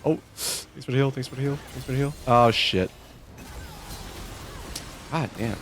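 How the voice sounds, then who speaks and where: A man streaming live and reacting to his game in quick, exclamatory bursts, often scolding himself. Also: medium pitch, fairly bright tone, slight background noise. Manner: reactive, exclamatory, self-critical. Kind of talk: live gameplay commentary.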